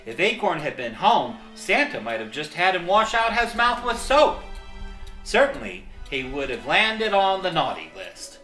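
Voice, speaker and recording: A narrator reading a children's storybook aloud in an expressive, lively storytelling manner. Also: mid-range voice, unhurried, reverberant, faint music behind.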